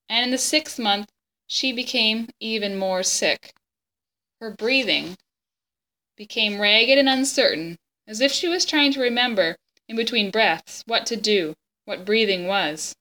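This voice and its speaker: A woman reading a children's chapter book aloud in a gentle, expressive way, stopping now and then to explain the pictures and the story. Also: on the high side.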